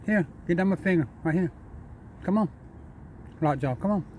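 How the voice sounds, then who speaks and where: Man, fairly high voice, repetitive and coaxing, yard talk with faint noise behind. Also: moderate pace, a little mellow. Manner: chatty, repetitive, coaxing, chuckling. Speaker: vlogger feeding a squirrel. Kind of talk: casual talk to an animal. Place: front yard outdoors.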